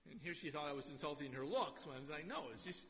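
A man's voice: a little high, lively intonation, fast talker, a bit bright, a little hiss or hum. A man preaching a sermon in a chatty style, often checking in with the congregation. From Minnesota. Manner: conversational, asks the congregation "right?". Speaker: pastor. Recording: long hall reverb.

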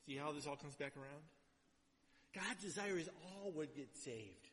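A man preaching a sermon and reading scripture aloud, swinging between loud exhortation and quiet, low asides, in a church. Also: animated, normal speed. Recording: long hall reverb.

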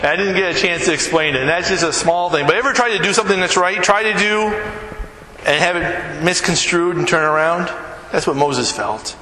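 A male pastor speaks fairly quickly in a fairly high voice, with slight background noise and faint ambience in an echoey hall. His sermon is animated storytelling, complete with acted-out quotes from the people involved.

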